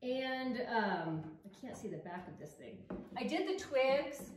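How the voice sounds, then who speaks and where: An enthusiastic woman with a fairly high voice chats about her decor projects while arranging them. She sits back from the mic in an echoey room, with a faint hiss behind her. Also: big pitch swings, measured pace. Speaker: home decor DIY vlogger. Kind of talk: chatty decorating vlog. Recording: roomy echo, distant mic, faint noise.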